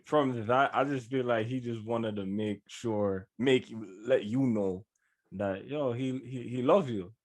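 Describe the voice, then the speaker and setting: A man's voice: mid-range voice, unhurried. Laid-back young male podcast host. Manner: laid-back, short affirmations, slangy. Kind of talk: casual conversation.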